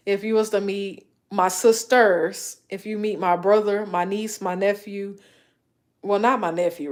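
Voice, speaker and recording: A woman hosting a casual livestream, chatting with viewers and telling animated stories. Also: mid-range voice. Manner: animated storytelling, acts out quoted voices, laughs often. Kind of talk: casual live chat, reading viewer comments.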